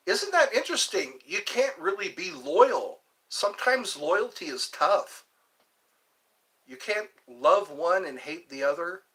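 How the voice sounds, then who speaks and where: A man's voice: on the high side, sharp tone, husky, poor audio. A man hosting a live stream, rambling casually and answering viewers' comments.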